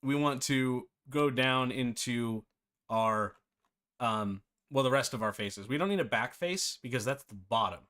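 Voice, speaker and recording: A man's voice: mid-range voice, unhurried, fairly bright tone. A man hosting a live-streamed game development tutorial, chatty and self-deprecating, often breaking into laughter.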